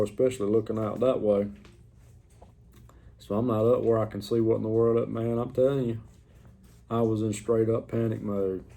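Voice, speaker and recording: A middle-aged man, casually telling a story to the camera in a drawling, folksy way. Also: medium pitch. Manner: drawling, folksy, animated retelling.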